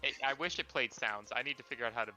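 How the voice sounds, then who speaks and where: Fast-talking bright-voiced man. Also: mid-range voice, soft background music. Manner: quick joking asides. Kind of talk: casual group chat.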